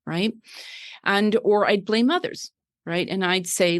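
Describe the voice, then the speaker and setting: Speaking slowly in a medium-pitched voice, a middle-aged wellness coach talks as a guest. She lays out ideas in a chatty manner, sprinkling in lots of fillers and frequent "right?"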